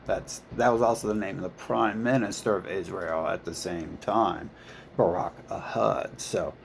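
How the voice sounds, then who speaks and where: Gravelly man rambling profanely. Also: low voice, fairly even intonation, a little slow, a little hiss or hum. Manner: profane, rambling, heavy filler words. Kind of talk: rambling monologue.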